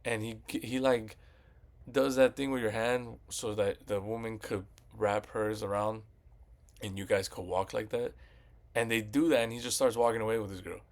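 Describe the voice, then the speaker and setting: A man casually ranting about a movie sequel, rambling and swearing as he retells scenes. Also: fairly low pitch. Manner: profane, rambling, retells scenes with quoted voices. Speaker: movie commentary vlogger.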